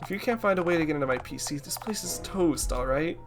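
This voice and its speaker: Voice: mid-range voice, expressive, quick pace, over music, lightly acted. A streamer voicing a scattered male boss who pleads and wheedles, reading a game aloud. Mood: pleading.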